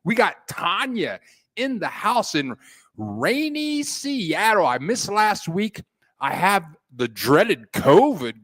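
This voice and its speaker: A man hosting a casual live stream, greeting viewers by name with playful, folksy shout-outs. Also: high-pitched, big pitch swings, slow. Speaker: host of a live stream about living abroad. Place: home in a Mexican city.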